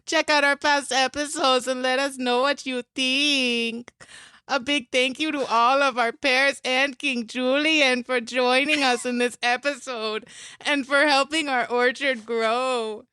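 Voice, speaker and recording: A woman voicing a tiny, eager male lemur who fawns over his king in a squeaky, drawn-out voice. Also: steady tone, sharp tone, clear, resonant tone, no room sound. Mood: adoring. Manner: fawning, keeps calling out to his king.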